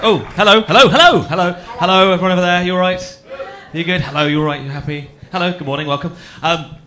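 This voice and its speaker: Young male stand-up from Birmingham, camp and teasing, bright, raised voice on a stage mic. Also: sits high, quick pace, soft background music. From Birmingham, England. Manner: camp, chatty and self-mocking, teasing the audience. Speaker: stand-up comedian. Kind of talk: stand-up comedy set. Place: festival comedy stage with a live audience. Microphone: handheld stage mic on a cable.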